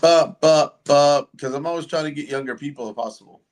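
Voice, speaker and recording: A man's voice: mid-range voice, fast talker. A man hosting a casual livestream, chatting loosely and joking with viewers and guests. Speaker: livestream host.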